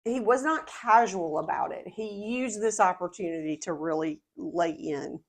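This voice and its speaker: A woman's voice: fairly low pitch, normal speed. A woman co-hosting a casual group Bible study, chatty and often laughing, with frequent restarts.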